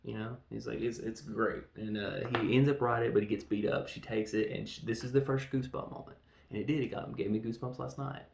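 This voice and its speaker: A man chats through a film review in an excitable, rambling way, breaking into quick acted lines. His mid-range voice carries a gravelly edge. The recording sounds roomy and echoey. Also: medium pitch. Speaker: podcast host reviewing a film. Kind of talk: casual film review chat.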